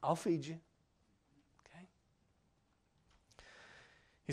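A man preaching a sermon, swinging between loud cries and hushed lines and acting out the people in his story. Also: on the high side, very animated, a little slow, long pauses. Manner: acts out voices of the people in the story.

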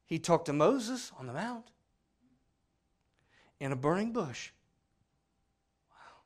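A man preaching a sermon, emphatic and full of questions to his listeners, swinging between loud declarations and hushed asides. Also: on the high side, sing-song, unhurried, long pauses.

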